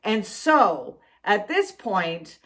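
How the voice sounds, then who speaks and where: A middle-aged woman co-hosting a podcast, telling a story in casual chat, swearing freely and loudly acting out what was said. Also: medium pitch, extremely slow. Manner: animated, profane, acts out quotes loudly. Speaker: podcast co-host.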